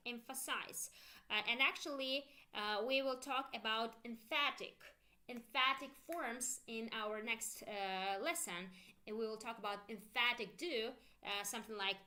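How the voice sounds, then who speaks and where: A woman with Russian as her first language teaching an online English lesson, explaining slowly with many fillers and drilling phrases for students to repeat. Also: fairly high pitch, bright, forceful tone.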